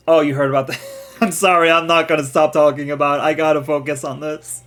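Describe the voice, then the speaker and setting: Male let's player, a touch high, rambly, laughs a lot while he plays. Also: fairly even intonation, fast, fairly bright tone. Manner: chatty, laughs often, trails off and restarts. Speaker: let's play streamer. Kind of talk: casual gameplay commentary.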